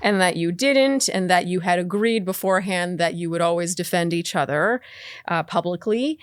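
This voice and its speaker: A woman hosting a podcast, carefully and apologetically reading out claims to her guest in a measured tone. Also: medium pitch, no room sound. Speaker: podcast host. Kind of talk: interview, reading book excerpts.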